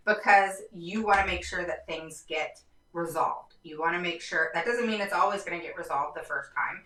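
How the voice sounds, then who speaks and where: On a parents' livestream, she talks to viewers with passion and emphasis, full of fillers and repetition, her voice climbing and dropping as frustration builds. Fairly low-pitched and fairly bright, she speaks at a moderate pace; the audio is reverberant, low quality, and from a distant mic.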